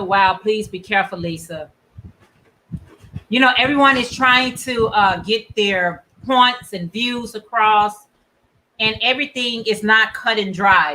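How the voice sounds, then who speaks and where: A woman hosting a crafting livestream, chatting casually and warmly reading out viewer comments. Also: mid-range voice, slight background noise, low-quality recording. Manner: chatty, reads viewer comments aloud, encouraging. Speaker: crochet livestream host. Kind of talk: casual chat with live viewers.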